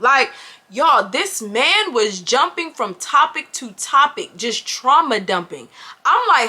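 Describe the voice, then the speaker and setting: Bright, animated young woman vlogger. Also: fairly high pitch, normal speed, slightly rough. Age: 20s. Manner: animated, exclamatory, slangy, addresses viewers as y'all. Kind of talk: storytime vlog.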